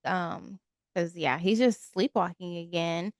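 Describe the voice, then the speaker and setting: A woman's voice: lowish voice, slow, no room sound, clean studio sound. A woman co-hosting a podcast, chatting casually about a movie and acting out quotes from it. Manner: conversational, laughs easily, acts out quotes. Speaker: podcast co-host. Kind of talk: casual movie recap chat.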